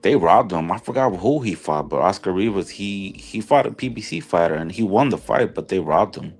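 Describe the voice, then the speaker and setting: A man's voice: low-pitched, lively intonation, a little fast, vocal fry, darkish tone. A man on a boxing talk panel, blunt and joking, slipping into Spanish curses. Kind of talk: casual chat.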